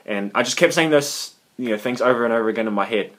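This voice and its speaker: A young man giving casual advice in a vlog, animated and cursing freely, acting out his own reactions as he tells a story. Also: mid-range voice, fast talker. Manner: animated, swearing, acts out quoted reactions. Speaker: gaming coach and video creator.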